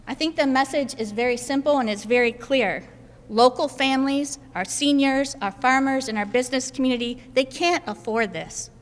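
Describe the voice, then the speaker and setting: A woman delivers a floor speech, hammering each point home by repeating it. Her voice sits a little high. It rings out with a long echo across a large chamber. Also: fairly quick. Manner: emphatic, repeats points for stress. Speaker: state senator.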